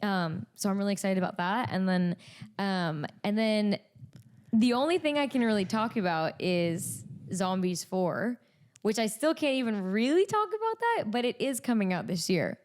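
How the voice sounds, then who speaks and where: Young woman, twenties, podcast guest, casual chat, filler-heavy, mid pitch. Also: expressive, moderate pace. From United States. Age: 20s. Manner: chatty, many fillers like "like" and "um".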